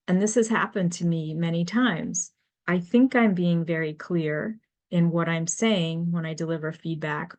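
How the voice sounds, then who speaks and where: A middle-aged woman, a business advisor and HR consultant, giving a webinar presentation in a measured, explanatory way with frequent ums. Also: lowish voice, a little mellow.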